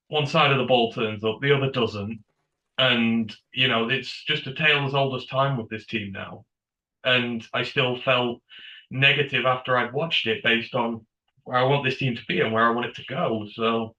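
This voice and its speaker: A man's voice: medium pitch, bright, forceful tone, reverberant, highs cut off. A man co-hosting a casual fan review show, talking bluntly and swearing when frustrated. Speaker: podcast co-host.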